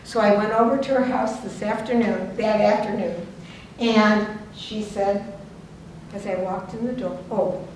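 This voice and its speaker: Animated woman storyteller in echoey room. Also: mid-range voice, a little slow. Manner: lively storyteller, acts out quoted voices, laughs often. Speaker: workshop leader. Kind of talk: personal storytelling at a workshop. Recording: very echoey room, distant mic, faint noise.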